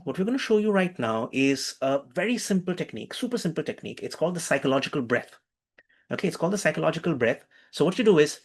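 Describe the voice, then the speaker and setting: A man's voice: a little high, fast, slightly rough. Man leading a breathing workshop. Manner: animated, calls for attention, repeats phrases. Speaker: workshop instructor. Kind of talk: online workshop teaching with guided breathing.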